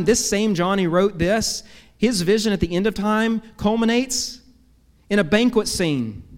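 A man preaches in a high, ringing voice. He stacks rhetorical questions and builds long lists with earnest emphasis. His words hang in the long reverb of a church hall. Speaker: pastor. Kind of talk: sermon.

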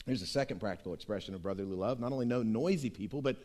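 A middle-aged man preaching a sermon as pastor, emphatic and swinging between hushed and loud delivery. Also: fairly low pitch, rapid-fire.

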